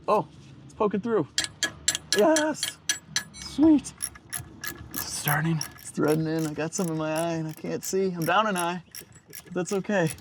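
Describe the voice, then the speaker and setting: A man with a slightly high voice gives a jokey, excitable running commentary to his viewers while he wrenches on a car out in the sun. Outdoor noise and engine rumble sit clearly behind him. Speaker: car vlogger fixing a car.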